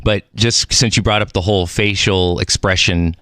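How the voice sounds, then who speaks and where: A man hosting a podcast, telling stories in a chatty, animated, playful way. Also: low voice, moderate pace, no echo, studio quality. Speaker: podcast host. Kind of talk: casual chat.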